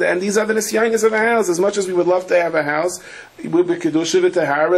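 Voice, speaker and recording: A man giving a Torah lecture as a rabbi, telling stories with lively acted-out voices and sprinkling Yiddish and Hebrew terms. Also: mid-range voice, husky. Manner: animated storyteller acting out characters, with Yiddish and Hebrew terms.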